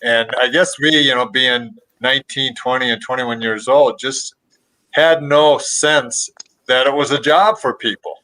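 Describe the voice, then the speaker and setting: A man's voice: mid-range voice, a little slow, pushed and bright, low-quality recording. A man in his sixties, a panel guest on a video call, telling stories in a laid-back way full of "you know" fillers. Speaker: panel guest, former cast member. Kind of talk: casual storytelling on a video call.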